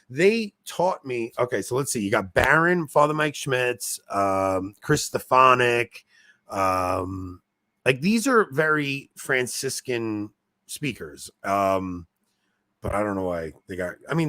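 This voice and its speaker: A man's voice: medium pitch, big pitch swings, measured pace, pushed and bright, dry recording. A young man co-hosting a podcast in casual chat, rambling and self-mocking with frequent laughs. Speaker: podcast co-host.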